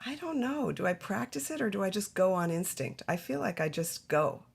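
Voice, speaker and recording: A woman actress chats as a podcast guest, telling long stories about her working life. She often restarts sentences and drifts into asides, and her pitch sits in an ordinary middle range. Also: sing-song, normal speed, vocal fry, husky. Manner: chatty, many restarts and trailing asides. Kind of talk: casual interview storytelling.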